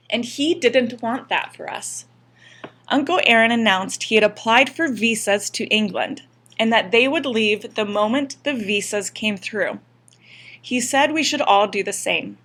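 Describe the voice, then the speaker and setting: Earnest woman narrator, a touch high, steady reading. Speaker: audiobook reader. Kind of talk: scripted narration.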